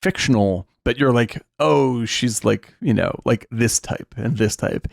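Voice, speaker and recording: A man's voice: medium pitch, gravelly, no echo, clean studio sound. A man on a film podcast, casually chiming in and agreeing, adding his own takes. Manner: agreeable, quick to chime in with yeahs and rights. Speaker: podcast co-host.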